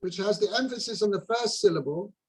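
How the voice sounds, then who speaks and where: A man's voice: high-pitched, a little fast, husky, low-quality recording. A man teaching a study partner, patiently translating and explaining a text step by step.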